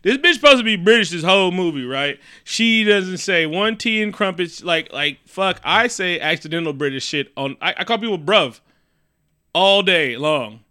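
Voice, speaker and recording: A man talks loosely about a movie with a co-host, cursing often and jumping into mocking character voices. His tone is bright and forceful. The recording is dry and close. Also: high-pitched, moderate pace, clear, resonant tone, dry recording. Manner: profane, animated, does mocking voices of characters. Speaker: podcast co-host. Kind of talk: casual movie review chat.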